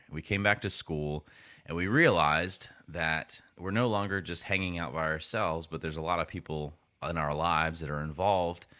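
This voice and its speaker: A man's voice: deep voice, bright, forceful tone. A man co-hosting a podcast in casual chat, rambling with frequent restarts. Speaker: podcast co-host.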